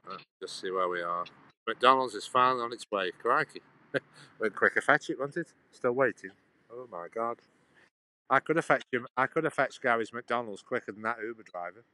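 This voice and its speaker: A man's voice: mid-range voice, animated, moderate pace, pushed and bright, poor audio. A man rambling on a live stream outdoors, chatting back to his viewers. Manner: chatty, meandering, answers chat questions. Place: outdoors in a sunny town.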